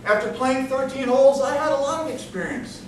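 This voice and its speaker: A man giving a humorous competition speech, telling a story with animated comic timing, recorded from a distance in a large hall with the audience laughing. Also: extremely high pitch, a little fast. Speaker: contest speaker. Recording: echoey hall from far off, with room noise.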